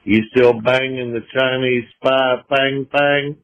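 A man's voice: mid-range voice, fairly even intonation, slow, fairly bright tone. A man leaving a crude, taunting voicemail in a put-on Southern US accent, heard in a lo-fi recording. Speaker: voicemail caller.

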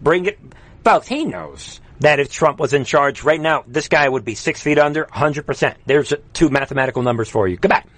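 A man's voice: medium pitch, lively intonation, brisk, few pauses, no room sound. Heated, mocking man ranting. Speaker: host. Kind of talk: live political commentary.

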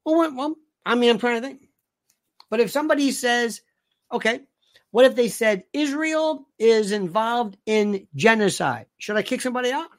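A woman's voice: a little high, expressive, moderate pace. A woman hosting a livestream, ranting animatedly and reading viewer comments aloud. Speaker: livestream host. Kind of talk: casual livestream monologue.

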